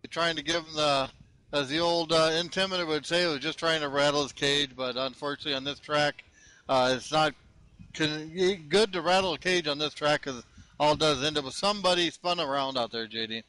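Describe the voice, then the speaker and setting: A man's voice: a little high, fairly quick, pushed and bright, low-quality recording. A man giving casual, drawling color commentary on a sim race as co-commentator. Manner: drawling, casual, ends lines with a name.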